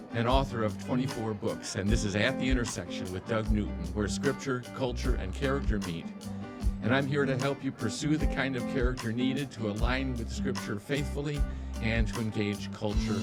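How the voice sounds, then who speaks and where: An older man, a pastor hosting a talk show, speaking straight to the viewer and repeating key words for emphasis in a storytelling way. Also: medium pitch. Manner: storytelling, addresses the viewer directly. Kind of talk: video talk show monologue.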